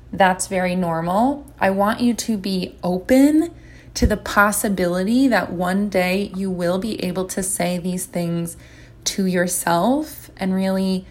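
A woman giving a gentle, encouraging instructional talk as a recovery coach. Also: medium pitch.

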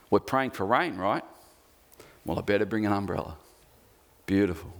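A man preaching a sermon, earnest and emphatic, repeating key phrases and slowing down to read scripture. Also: mid-range voice, gravelly. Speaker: pastor.

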